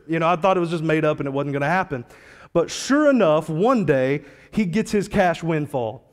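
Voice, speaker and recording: A man's voice: high voice, smooth, long reverb tail. A man preaching a sermon as a pastor, telling a story in a casual, slangy, conversational way.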